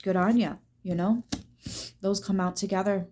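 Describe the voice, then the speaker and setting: A woman's voice: mid-range voice, fairly even intonation, normal speed, a little hiss or hum. Emphatic swearing woman reading tarot. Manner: emphatic, swearing, shifts into soft whispers. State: teary at times. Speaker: tarot reader.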